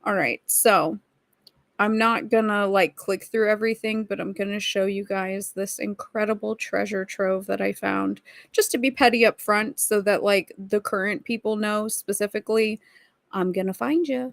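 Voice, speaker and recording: Gravelly-voiced woman hosting a livestream. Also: mid-range voice, flat delivery, normal speed, dry recording. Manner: chatty, playfully snarky. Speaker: livestream host. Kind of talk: casual livestream chat reading viewer comments.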